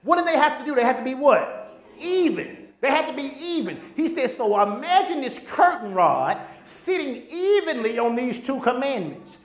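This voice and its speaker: A man preaches in a strikingly high voice that leaps up and down with animated energy. He keeps tossing questions out to the congregation and waiting for the answer. The sound rings around an echoey church hall. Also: normal speed. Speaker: pastor. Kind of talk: sermon. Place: church sanctuary.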